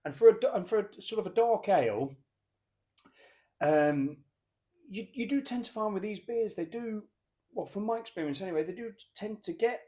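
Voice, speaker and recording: A man's voice: high-pitched, mellow. A man reviewing a beer on camera in a casual, rambling way, often correcting himself mid-sentence. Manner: rambling, chatty, self-correcting. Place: pub.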